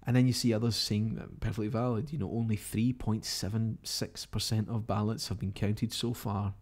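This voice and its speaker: This Scottish man hosts live overnight results coverage as a radio-style broadcaster, chatty and musing while reading out tweets, updates and messages. His fairly low, darkish voice is flat in delivery and moves at a moderate pace.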